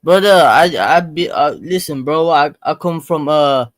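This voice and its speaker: A man from Afghanistan with a British accent calls into a livestream. His voice sits slightly high and dry, and he stumbles and repeats words as he talks. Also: dry recording. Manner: halting, repeats words, says brother often. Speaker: caller. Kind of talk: casual livestream chat.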